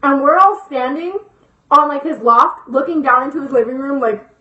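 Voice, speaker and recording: A young woman tells a story on her channel in a high voice, dramatic and full of swearing and fillers. The sound is roomy and echoey, and the recording is a little dull and lo-fi. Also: normal speed. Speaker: YouTuber. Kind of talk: storytime vlog.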